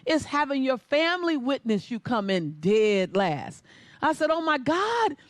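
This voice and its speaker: Animated high-voiced woman telling a story. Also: unhurried, no echo. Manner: animated, acts out every character. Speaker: motivational speaker. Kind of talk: comic storytelling keynote.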